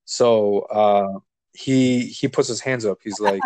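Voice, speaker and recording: A guest recounts his life story in casual conversation, his voice lowish and a little slow, with no room sound. He's animated and performs the voices of the people involved, acting out their dialogue.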